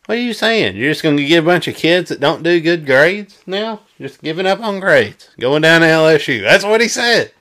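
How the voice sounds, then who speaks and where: Southern man from Arkansas, sports-talk co-host: lively, bright, exclamatory ranting delivery. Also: fairly high pitch, normal speed, few pauses. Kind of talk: casual sports chat.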